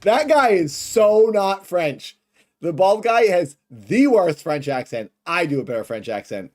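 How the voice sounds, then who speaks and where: Male streamer, reaction commentary, higher voice, excitable. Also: unhurried. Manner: excitable, bursts into shouts.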